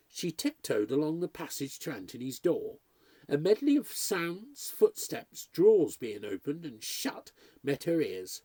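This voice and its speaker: A man reading a ghost story aloud as an audiobook narrator, with expressive storytelling. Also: a little high, measured pace, husky, dry recording. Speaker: audiobook reader. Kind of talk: scripted narration.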